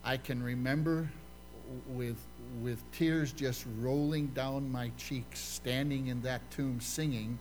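A man's voice: mid-range voice, steady tone, slow, darkish tone, a little hiss or hum. An older male pastor giving a conversational sermon in a church, often stopping to put questions to his listeners. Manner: quizzes the congregation with questions.

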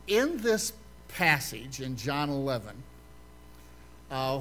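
A man's voice: a little high, fairly bright tone, a little hiss or hum. An older pastor quizzing his congregation. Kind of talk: conversational sermon.

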